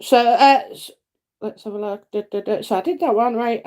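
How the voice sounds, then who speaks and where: Her voice is fairly high, a bit mellow, and fairly quick. As the host of a live psychic reading stream, she answers viewers in a chatty, reassuring way, with plenty of fillers and frequent "okay?"s.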